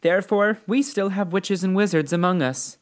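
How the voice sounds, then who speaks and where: A man voicing a small, kind old woman who is a good witch, speaking calmly and reassuringly in a storybook reading. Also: high-pitched, moderate pace, voice pushed up, close to an everyday voice. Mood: kindly. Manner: calm, gently reassuring.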